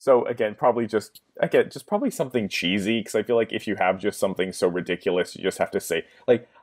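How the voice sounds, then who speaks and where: A man with a fairly low voice talks casually as a podcast guest. He is chatty and keeps breaking into laughter at his own ideas. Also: fast, a little mellow.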